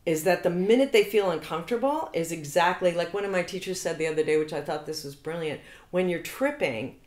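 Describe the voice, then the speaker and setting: Lively woman actor, lower voice, echoey room. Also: a little fast. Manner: animated storyteller, acts out voices in anecdotes. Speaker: actor and acting teacher, guest. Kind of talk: casual interview chat.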